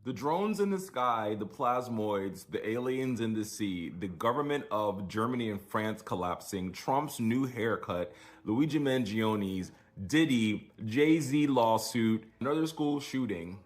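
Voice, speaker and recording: A man giving an exasperated, profane reaction rant, firing off item after item in a list. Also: lowish voice. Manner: exasperated, profane, rapid-fire listing. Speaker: commentator. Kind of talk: ranting reaction commentary.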